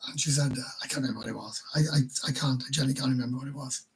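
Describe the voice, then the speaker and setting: A man's voice: medium pitch, very fast, husky, low-quality recording. A Welsh man hosting a live stream, telling crude stories, swearing constantly and laughing as he goes. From Wales. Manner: crude, swears constantly, laughs mid-story, stumbles and restarts. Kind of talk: casual storytelling to viewers.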